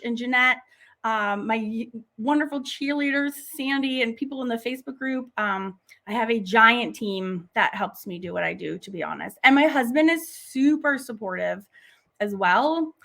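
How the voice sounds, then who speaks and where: Her voice sits a little high and sounds gravelly, bright and forceful, moving at a moderate pace. Hosting an art class live stream, this middle-aged woman goes through viewer comments with casual enthusiasm and frequent laughter.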